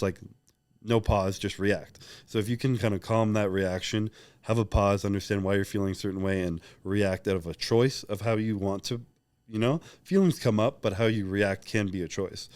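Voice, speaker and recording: Fast-talking young man, reflective guest. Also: on the low side, fairly even intonation, darkish tone, dry recording. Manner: open, reflective, rambling with many fillers. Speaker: podcast guest. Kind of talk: casual interview chat.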